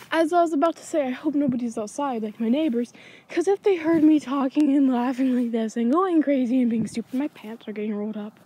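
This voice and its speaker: A woman's voice: high-pitched, fairly quick, mellow, slightly rough. A woman rambling to herself in a casual vlog outdoors at night, scatterbrained and easily distracted, recorded on a handheld iPod. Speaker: vlogger. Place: outdoors at night on a backyard swing in the cold. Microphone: handheld iPod camera.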